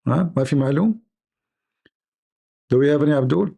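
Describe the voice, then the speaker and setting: Male host, sarcastic and halting, gravelly and dark. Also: on the high side, expressive. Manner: sarcastic, halting, many fillers and repeats. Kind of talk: mocking live commentary.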